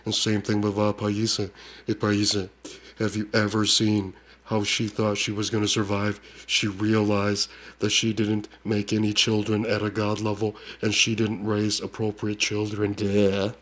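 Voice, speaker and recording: A man's voice: lowish voice, monotone, measured pace, fairly bright tone. A man with a Hmong accent, a self-styled psychic shaman rambling in a monologue and ending phrases with a scornful "duh".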